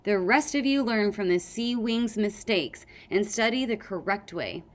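A woman voicing a stern, enormous red female dragon who scolds young dragons in a booming, harsh way, in a storybook reading. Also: animated, a little slow, natural voice. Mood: scolding.

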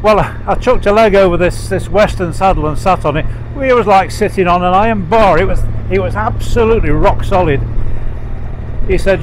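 A man's voice: high-pitched, normal speed. A middle-aged English man telling stories while riding a motorcycle, rambling along with many fillers and restarts. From England. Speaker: motorcycle vlogger. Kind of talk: casual ride narration. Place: outdoors riding a motorcycle sidecar on country roads. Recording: road and engine noise behind.

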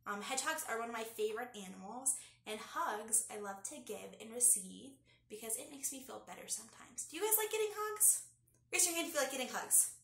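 A woman's voice: fairly high pitch, expressive, brisk, fairly bright tone, reverberant. A young woman reading a picture book aloud to schoolchildren, cheerful and talking to them directly. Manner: cheerful, speaks to kids directly. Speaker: school staff reading to pupils. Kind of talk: storybook read-aloud for children.

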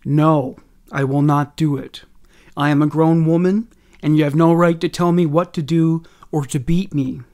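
A man's voice: fairly high pitch, steady tone, moderate pace, darkish tone, close to an everyday voice. A man voicing a defiant eighteen-year-old young woman, speaking in a firm, exasperated way.

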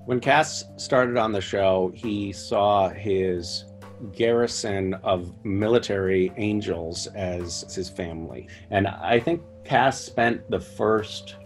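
A man's voice: fairly low pitch, slow pace, faint music behind. A man in his forties, an actor, telling wry stories in an interview and acting out his own reactions. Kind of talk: anecdotal interview.

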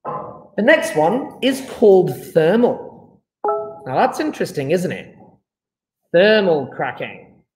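A man's voice: sits high, reverberant, low-quality recording. A man teaching a chemistry class online, chatty and teasing with his students.

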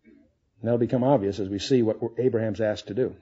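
Male Bible teacher, warm husky voice, conversational, lo-fi sermon tape. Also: fairly low pitch, fairly even intonation, brisk. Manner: conversational, asks the audience questions. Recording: dull lo-fi recording.

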